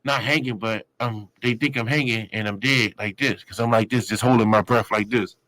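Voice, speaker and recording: A man's voice: normal speed, poor audio. A man in his forties telling a story in casual street slang, rambling and acting out other people's voices. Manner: animated, acts out quoted voices with sudden high yells.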